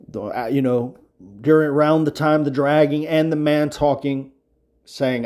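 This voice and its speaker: A man's voice: mid-range voice, little pitch movement, measured pace, darkish tone. A man hosting an earnest casual commentary, talking emphatically and repeating his points with frequent fillers. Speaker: commentary channel host.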